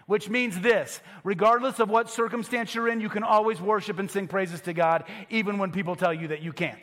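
A man's voice: sits high, steady tone, brisk, few pauses, a bit bright, in a large hall. A male pastor preaching a sermon in a conversational, emphatic way, asking the congregation rhetorical questions.

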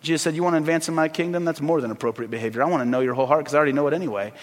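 A man preaching a sermon as pastor, swinging between loud emphasis and hushed, earnest asides. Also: on the high side, very fast, long reverb tail.

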